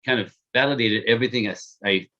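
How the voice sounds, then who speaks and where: A man on a podcast telling the story of how he met his partner, animated and self-mocking, laughing often. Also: medium pitch, fast talker, muffled recording.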